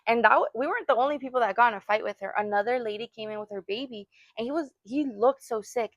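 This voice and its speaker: A woman's voice: on the high side, fast talker, no room sound. Young woman telling a story, dry sound. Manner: emotional storytelling, many fillers. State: pregnant or new mother. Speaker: podcast co-host. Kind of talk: casual chat.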